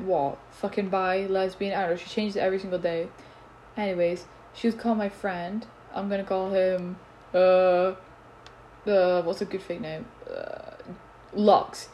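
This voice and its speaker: A teenage girl talks alone into her podcast, ranting in a blunt, exasperated way and swearing freely. Her voice sits at an ordinary middle pitch for a girl. She keeps it loose and casual. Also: dark tone, a little hiss or hum. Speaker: solo podcast host.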